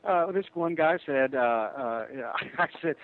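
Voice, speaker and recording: A man spins a rambling anecdote full of fillers and restarts, his voice a touch high for a man. The sound is tinny and narrow, like a phone line on radio. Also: lively intonation, a little slow. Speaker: guest who verifies insurance applications. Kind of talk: casual radio chat.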